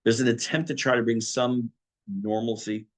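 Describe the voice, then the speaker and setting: A middle-aged man, a rabbi, teaching a history class in a conversational way, pausing for asides to his listeners. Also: mid-range voice, level tone. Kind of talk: informal history lecture.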